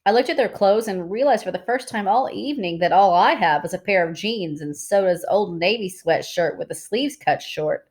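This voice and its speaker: A woman reading a novel aloud in steady, plain narration. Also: medium pitch, normal speed. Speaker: reader.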